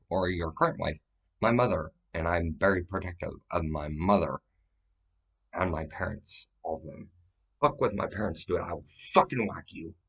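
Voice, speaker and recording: A man with a fairly low voice rambles on in a vlog monologue. His talk is loose and full of swearing, and it keeps tipping into agitated outbursts. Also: breathy edge.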